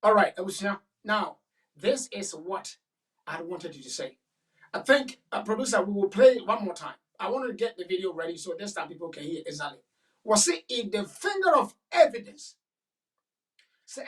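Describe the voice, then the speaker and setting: A woman's voice: mid-range voice, big pitch swings, moderate pace, recorded from a distance, poor audio. Ghanaian-accented female host, commentary, emphatic and repetitive, heard from a little way off the mic. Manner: emphatic, repetitive, switches into Twi. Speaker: show host. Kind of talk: talk show commentary.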